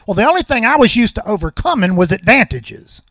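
A man's voice: high-pitched, very animated, brisk, a bit bright, no room sound, studio quality. A man, telling a personal recovery story at a meeting with folksy, wry humor.

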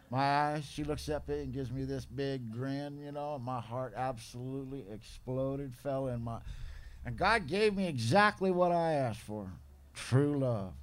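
A middle-aged man shares his story at a recovery meeting in loose, slangy everyday speech. His voice sits at an ordinary middle pitch, and he slips into other people's lines to act them out as he talks. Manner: casual slangy talk, acts out others' lines. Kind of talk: personal testimony storytelling.

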